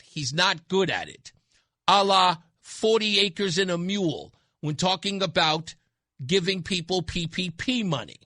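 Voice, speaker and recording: A man's voice: high voice, sharp tone, dry recording. A man hosting a talk radio show, speaking bluntly and emphatically into a studio microphone, repeating his points for effect. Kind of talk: opinionated talk radio monologue.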